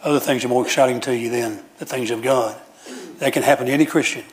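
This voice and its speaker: A man's voice: mid-range voice, fairly even intonation, fast talker. A man preaching a sermon in a church, telling folksy stories with frequent restarts and repeated phrases.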